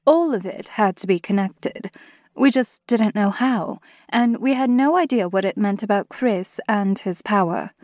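A woman narrating a first-person fantasy audiobook in a measured, steady way. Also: medium pitch, no echo, studio quality.

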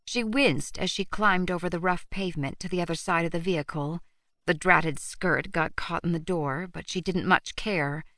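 A woman reading a novel aloud as audiobook narrator, in a steady, measured storytelling manner. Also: lowish voice, no room sound. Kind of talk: scripted narration.

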